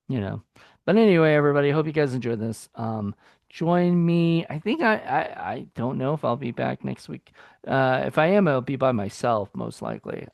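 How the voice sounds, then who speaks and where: A man's voice: mid-range voice, vocal fry, dry recording, lo-fi sound. A man co-hosting a film review podcast in casual chat. He rambles loosely, with many fillers and restarts.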